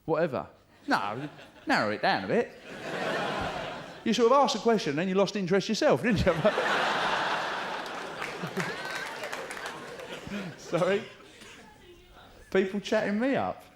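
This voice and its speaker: A man's voice: sits high, sing-song, takes it slowly, pauses often, over a noisy crowd, very noisy. A middle-aged man doing live stand-up, chatty and swearing, mimicking voices for jokes, with audience laughter behind him. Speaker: stand-up comedian. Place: comedy club stage.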